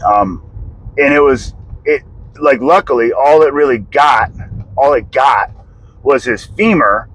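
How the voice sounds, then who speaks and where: A man's voice: mid-range voice, measured pace, pauses often, fairly bright tone, poor audio. A man from the United States telling a personal story in a casual, rambling way, full of "like", swearing and short laughs. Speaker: vlogger telling a family story.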